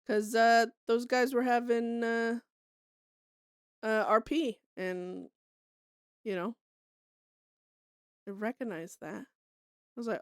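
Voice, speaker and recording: Young woman streamer from Canada, light high voice, loose laughing chatter with plenty of swearing, close dry mic. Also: steady tone, slow pace, long pauses, clean tone, no room sound. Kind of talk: casual chat to stream viewers.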